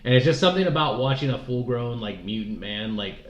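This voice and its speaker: A man's voice: mid-range voice, animated, fast talker. A man co-hosting a podcast, chatting casually in a rambling, profane way. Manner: rambling, profane, laughs often. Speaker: podcast co-host. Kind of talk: casual chat. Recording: echoey, dull room audio with faint noise.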